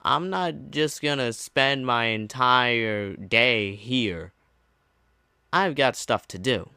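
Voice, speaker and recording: A man's voice: medium pitch, slow, gravelly, sharp tone, clean tone, no echo, studio quality. A young man streamer telling a casual storytime, ranting with sarcastic, mocking retorts. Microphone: low-gain desk mic.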